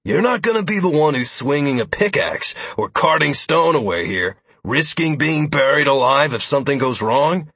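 A man voicing a big, stubborn male labourer who speaks in a firm, annoyed, deliberate way. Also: a little high, sing-song, a bit bright, husky, dry recording, voice pushed up, exaggerated voice.

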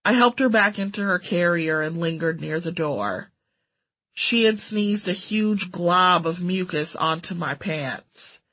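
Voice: mid-range voice, measured pace, sharp tone. Wry narrator reading a first-person story. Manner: wry, sardonic delivery.

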